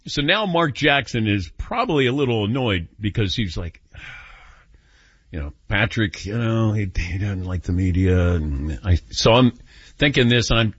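A man's voice: medium pitch, breathy edge, no room sound, muffled recording. A man hosting a sports call-in radio show, telling a story and acting out the voices in it. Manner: animated, acts out quoted voices. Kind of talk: storytelling and taking calls.

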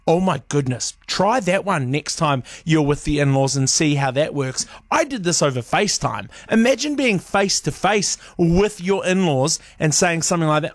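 A man's voice: on the high side, expressive, normal speed, dry recording, studio quality. A New man hosting a breakfast radio show, chatting playfully with laughing asides. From New Zealand. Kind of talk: casual radio chat.

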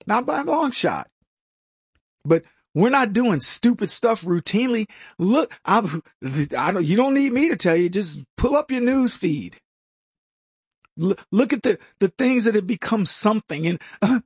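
A man hosts a political talk show, his high voice expressive and husky at a moderate pace, in a dry, studio-quality recording. His opinionated commentary monologue is sarcastic and mocking; he stumbles, restarts, and laughs at his own jokes.

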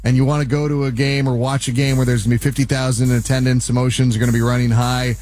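Chatty radio host signing off. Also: male voice, level tone, fast talker, a little mellow. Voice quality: nasally deep voice. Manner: chatty, self-deprecating, plugging. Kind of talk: radio show sign-off, casual chat.

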